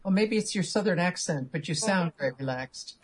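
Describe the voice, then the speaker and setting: A woman's voice: on the low side, expressive, a little fast, a crowd in the background. A woman co-hosting a podcast, asking a guest friendly questions. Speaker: podcast co-host. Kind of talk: casual interview.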